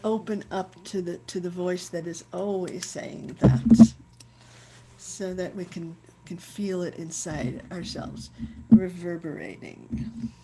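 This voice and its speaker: Woman rabbi, reflective teaching over a video call; relaxed dark tone, faint hiss behind. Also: lowish voice, slow. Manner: searching, repeats words as she thinks aloud. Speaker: rabbi leading a chant session.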